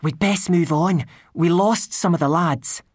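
A woman's voice: lowish voice, unhurried, a little mellow, slightly rough, no room sound, studio quality, pitched above the performer's own voice. Rob Anybody: a woman doing a hearty Scottish pixie chief. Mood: cheerful. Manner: hearty, boisterous, cheerful. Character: cheerful tiny blue pixie clan chief, male.

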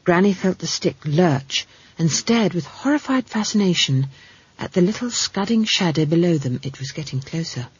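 A woman reading a comic fantasy novel aloud, her voice husky and lower-pitched, rising and falling with lively swings. The sound is dry and close, a bit dull and lo-fi. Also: moderate pace, no echo. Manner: wry, expressive storytelling with comic asides. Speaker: audiobook narrator. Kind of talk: scripted storybook narration.

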